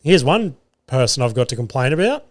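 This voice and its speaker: A man's voice: mid-range voice, fairly quick, dry recording. An Australian man hosting a podcast and telling a rambling story in a casual monologue, swearing often. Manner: swears a lot, rambling and animated. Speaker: podcast host.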